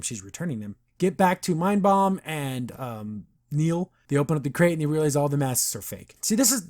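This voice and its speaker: A man hosting a podcast, casually recapping an animated episode and acting out the characters' lines in quick asides. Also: mid-range voice. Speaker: podcast host.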